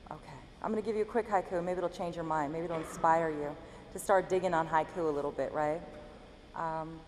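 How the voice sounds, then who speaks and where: A woman's voice: sits low, fairly even intonation, a little fast, darkish tone. A woman slam poet at a live spoken-word reading, chatting casually with the audience and reciting in driving, repeated lines. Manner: talks casually and jokingly with the audience between poems. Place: university event hall before a live audience. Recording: live hall recording with long reverb and faint room noise.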